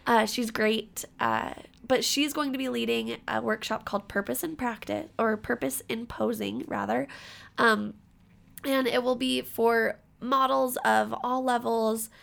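A bubbly woman chatting as a podcast guest. She has a slightly higher voice with a gravelly, fried texture. She talks in quick, giggly bursts. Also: steady tone, fairly bright tone. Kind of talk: casual podcast chat.

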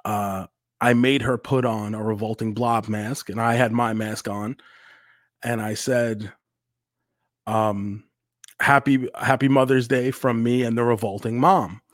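A man's voice: mid-range voice, steady tone, measured pace, no room sound, clean studio sound. Candid, profane man on a podcast. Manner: candid and profane, swings into loud re-enacted quotes. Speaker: podcast co-host. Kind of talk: casual podcast chat.

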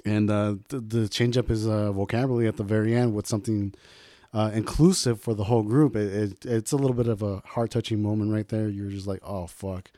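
A man's voice: on the low side, fairly even intonation, quick pace, warm tone, no echo. A man co-hosting a podcast, chatting casually about films and swearing freely. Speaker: podcast co-host. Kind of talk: casual movie chat.

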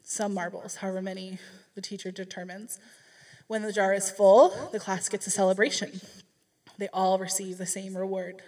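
A woman's voice: mid-range voice, steady tone, moderate pace, darkish tone, recorded from a distance. A woman speaking to a church group, telling a story in a chatty, rambling way with frequent restarts. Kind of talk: casual sermon storytelling.

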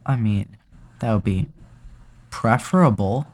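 Male player, lowish voice, quiet deadpan replies in a casual tabletop game. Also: a little slow. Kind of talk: casual tabletop role-play.

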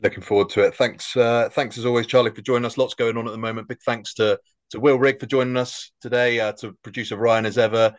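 A man's voice: mid-range voice, steady tone, quick pace, no room sound. A man hosting a podcast, easygoing as he puts questions to his co-host. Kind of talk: casual podcast chat.

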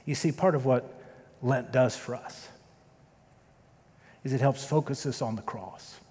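A man preaching a sermon as pastor, telling a story with dramatic loud peaks and quiet, slow prayerful passages. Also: medium pitch. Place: church sanctuary. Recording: long reverb of a church sanctuary.

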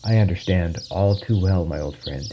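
A man voicing a gentle male holy teacher who speaks softly, tenderly and reassuringly, on a dull lo-fi recording. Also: lowish voice, lively intonation, normal speed, noisy background, lightly acted.

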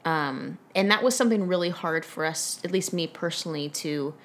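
A woman with a somewhat low voice talks things through in casual conversation. She is frank and reflective, working her thoughts out loud with plenty of fillers. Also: normal speed. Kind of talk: casual chat.

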